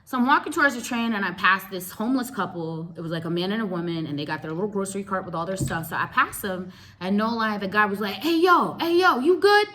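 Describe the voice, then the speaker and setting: An animated woman spins a casual storytime for her viewers, her voice bright and forward. She talks in easy slang and laughs her way through it. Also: medium pitch, fast. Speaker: vlogger telling a story.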